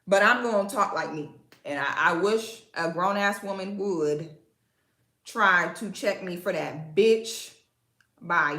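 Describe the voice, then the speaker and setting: A woman's voice: fairly low pitch, roomy sound. Sassy Florida woman ranting on a live stream. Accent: Southern American, Florida. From Central Florida, USA. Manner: sassy, profane, sharp comebacks. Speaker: femininity influencer hosting a live stream. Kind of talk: blunt casual live-stream rant.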